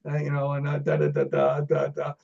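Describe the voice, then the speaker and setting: A man's voice: on the high side, completely flat delivery, brisk, vocal fry, darkish tone, breathy edge, highs cut off. A middle-aged man, an interview guest, telling stories from his days as a film extra in a rambling, chatty way with many restarts and laughs. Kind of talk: casual storytelling interview.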